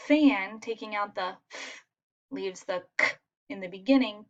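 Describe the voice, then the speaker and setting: Woman teacher, slow encouraging phonics lesson, slightly muffled recording. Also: medium pitch. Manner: slow, patient and encouraging, spelling out sounds.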